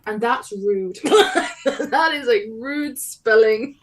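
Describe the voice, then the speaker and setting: A woman joins in a tabletop game session with playful, jokey remarks. She speaks slowly, in a fairly high voice. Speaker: player. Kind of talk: casual tabletop game play.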